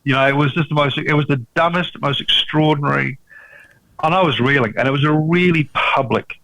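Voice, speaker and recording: A man's voice: on the high side, a little fast, pushed and bright, no room sound, rough recording. A New man, a restaurateur, telling his story in conversation with many restarts and a frequent "mate". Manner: emphatic, restarts often, says "mate". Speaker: restaurateur guest.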